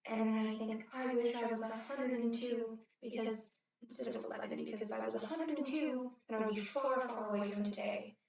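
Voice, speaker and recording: A woman's voice: on the high side, steady tone, darkish tone, slight background noise, lightly acted. A young woman playing a hurt, shy eleven-year-old girl. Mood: wistful. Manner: earnest first-person storytelling with halting restarts. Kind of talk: competitive dramatic interpretation. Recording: roomy, dull, from far off.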